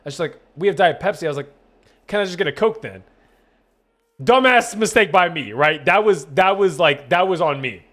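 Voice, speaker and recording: A man's voice: high voice, moderate pace. Rambling, cursing young male streamer. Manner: rambling, profane, animated retelling with quoted dialogue. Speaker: gaming streamer. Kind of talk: casual storytelling to stream chat.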